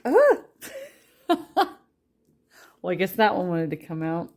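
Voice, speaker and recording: A woman's voice: on the low side, big pitch swings, a little slow, gravelly. A woman giving a casual tarot reading, chatty and rambling, with a light Southern drawl that slips in. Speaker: tarot reader.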